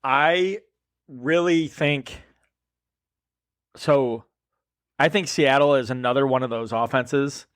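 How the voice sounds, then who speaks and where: A man's voice: medium pitch, fairly bright tone. A man co-hosting a casual fantasy football podcast, chatty and analytical as he lays out his picks. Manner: chatty, analytical, quick agreeing interjections. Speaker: podcast co-host.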